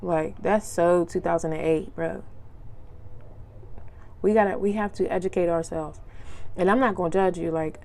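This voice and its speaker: A young woman hosts her own podcast and talks casually and freely, with a slightly low voice. Her speech is loose and slangy. She tells stories from her life and acts out the lines of the people in them. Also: fairly even intonation, moderate pace, long pauses, darkish tone. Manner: chatty storyteller, acts out quotes, laughs often. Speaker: podcast host. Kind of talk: casual solo podcast monologue.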